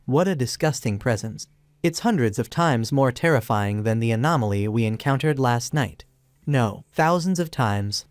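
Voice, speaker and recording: A man reading the lines of a tired, easily frightened young woman companion in a plain, even way. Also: medium pitch, normal speed, no echo, natural voice. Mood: scared.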